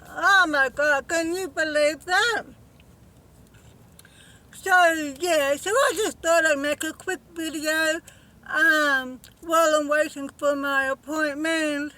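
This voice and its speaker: High, slow, bright-voiced emotional woman vlogger. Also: fairly even intonation, poor audio. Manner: emotional, halting, with many fillers; heartfelt and earnest. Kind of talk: casual direct-to-camera vlog.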